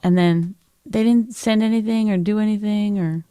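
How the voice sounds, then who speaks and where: A woman's voice: normal speed, clean tone, no room sound, clean studio sound. A middle-aged woman co-hosting a podcast in casual chat, telling a story and acting out what people said in a raised voice. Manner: animated storyteller who acts out quotes in a high voice. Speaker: podcast co-host.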